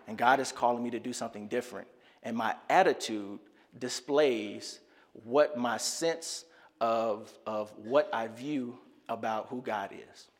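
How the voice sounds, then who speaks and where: A man's voice: mid-range voice, long reverb tail. A male pastor delivering a sermon in a conversational, storytelling way, often repeating words as he builds his point.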